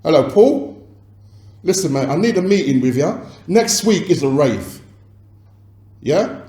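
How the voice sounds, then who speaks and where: An actor playing an agitated record label boss, arguing on the phone and swearing. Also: male voice, a little high, sing-song, measured pace, warm tone, reverberant. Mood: angry. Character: angry male London record boss on phone. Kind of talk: dramatized film phone calls.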